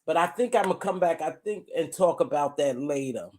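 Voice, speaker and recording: A woman vlogger giving casual, blunt commentary, animated and repeating points for emphasis. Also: sits low, moderate pace. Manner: blunt, informal.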